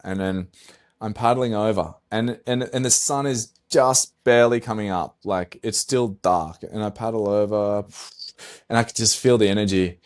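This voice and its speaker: A middle-aged man, a pro surfer guest on a podcast, telling a story in a casual, animated way, swearing and acting out his own dialogue. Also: lowish voice, moderate pace.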